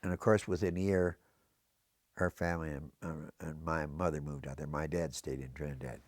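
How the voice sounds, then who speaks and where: Recalling his time in the service for an oral history project, this older American veteran has a very deep voice, speaks at a normal speed, and keeps his intonation fairly even. His storytelling rambles, often wandering off into history.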